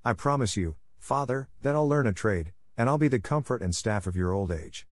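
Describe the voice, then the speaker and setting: A man's voice: mid-range voice, lively intonation, moderate pace, no room sound, clean studio sound, close to an everyday voice. A man voicing a hungry, whiny wooden puppet boy who pleads in long breathless run-on sentences. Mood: earnest.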